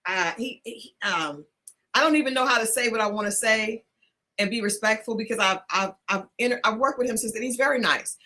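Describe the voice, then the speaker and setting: A woman co-hosting a talk show, telling a story in a casual, animated way, laughing often and restarting her sentences. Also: fairly high pitch, fairly quick. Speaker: podcast co-host.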